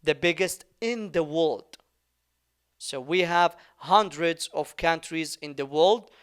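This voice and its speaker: Man, teacher, high voice, unhurried, repeats phrases, keeps asking "okay?". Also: a bit bright, smooth. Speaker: English teacher. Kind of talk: slow classroom explanation.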